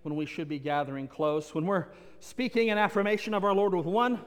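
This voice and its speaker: A man with a high voice delivers a sermon, building his points through repetition and tossing in playful asides. His words ring out with a long reverb, as in a church. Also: fairly even intonation, a little fast, clear, resonant tone. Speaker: pastor.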